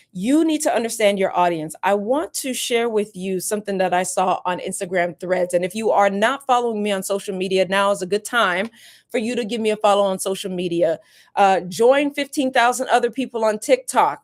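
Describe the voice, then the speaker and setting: A woman who works as a workplace lawyer and career coach gives live-streamed career advice in an emphatic, chatty way, repeating key points. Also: medium pitch. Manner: emphatic, repetitive, chatty asides.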